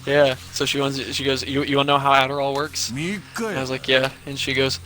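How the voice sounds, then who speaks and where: A man's voice: mid-range voice, completely flat delivery, a little fast, sharp tone, rough recording. A man streaming live, telling a casual, profane story full of quoted back-and-forth.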